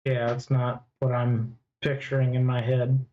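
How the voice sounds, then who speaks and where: A man's voice: medium pitch, monotone, unhurried, a little hiss or hum. A man co-hosting a casual chat, answering in brief, matter-of-fact, assertive replies. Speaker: podcast co-host. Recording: dull lo-fi sound.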